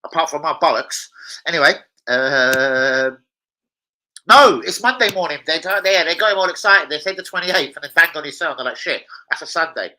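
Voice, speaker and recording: A man's voice: a little high, lively intonation, moderate pace, pushed and bright, poor audio. A young man chatting casually on a live stream at home, swearing freely and bantering with viewers. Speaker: livestreamer.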